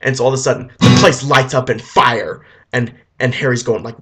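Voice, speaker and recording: A man retelling a film as a rambling comedy story, full of deadpan asides and fillers. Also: mid-range voice, fairly quick. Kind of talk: comic retelling over music. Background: faint guitar music.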